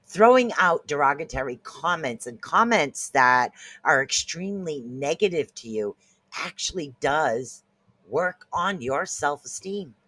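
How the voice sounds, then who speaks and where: A podcast co-host talks casually about self-help with a bright, forward tone. They joke around and laugh at themselves when tricky words trip them up. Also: medium pitch, expressive, unhurried. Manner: jokey, laughs at own stumbles over words.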